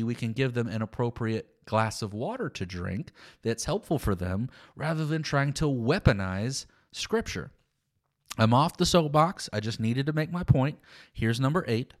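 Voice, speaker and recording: Lively, emphatic Christian teacher, man. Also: medium pitch. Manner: emphatic, informal, lively intonation. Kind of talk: conversational Bible teaching.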